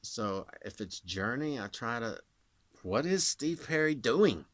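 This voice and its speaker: Rambling man with a lively voice. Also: mid-range voice, measured pace, no room sound. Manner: rambling, demonstrates voices as he explains. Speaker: voice actor. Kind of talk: casual rambling talk to camera.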